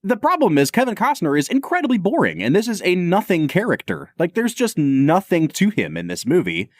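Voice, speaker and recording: A man's voice: high-pitched, wildly swooping pitch, brisk, no room sound, studio quality. A man co-hosting a podcast, talking about films in a casual, opinionated way and laughing often. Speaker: podcast co-host. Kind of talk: casual film chat.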